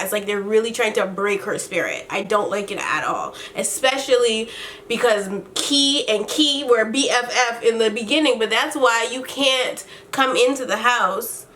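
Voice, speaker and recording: A fairly high-voiced woman talks through a reality TV episode in a loose, unscripted recap. She is blunt and fed up, swears without holding back and acts out what people said in quotes. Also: moderate pace. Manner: blunt and exasperated, swears freely; animated retelling with quoted dialogue. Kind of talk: casual commentary recap.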